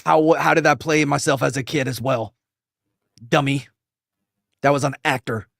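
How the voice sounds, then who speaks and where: Gravelly man, crude deadpan banter. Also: medium pitch, normal speed, no echo, clean studio sound. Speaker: comedy show co-host. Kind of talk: in-character comedic banter.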